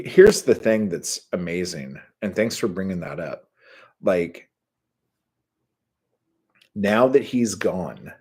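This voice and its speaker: Answering his live chat, a host with a deep, slightly husky, somewhat mellow voice spins casual stories. His talk is loose, off the cuff, and profane, stuffed with filler words.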